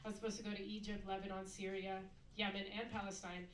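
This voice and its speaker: A woman performing a stand-up comedy set on a club stage, mixing a deadpan delivery with sudden loud mock outbursts. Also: mid-range voice, fast talker, slight background noise. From United States. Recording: echoey club recorded from a distance.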